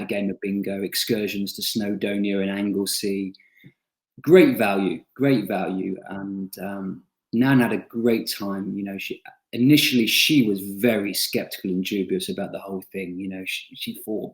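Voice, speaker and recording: A young man tells stories about his travels in an easy, self-mocking way, often pausing on fillers. His voice sits fairly low and sounds roomy, as if recorded in a bare space. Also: darkish tone. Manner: chatty, self-deprecating storyteller with frequent fillers. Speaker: author interviewed about his book. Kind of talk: casual anecdotal interview. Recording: roomy echo.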